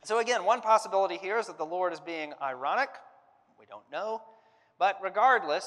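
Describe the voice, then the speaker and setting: A man's voice: fairly high pitch, a bit bright. A man giving a conversational Bible lesson, thinking aloud, hedging and restarting often. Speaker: Bible teacher. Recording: long hall reverb.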